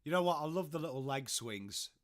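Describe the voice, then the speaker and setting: A man's voice: on the high side, lively intonation, brisk, fairly bright tone. A man with an English accent hosting a casual live-stream watchalong from home, chatting along and greeting viewers by name as he reacts to their messages. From England.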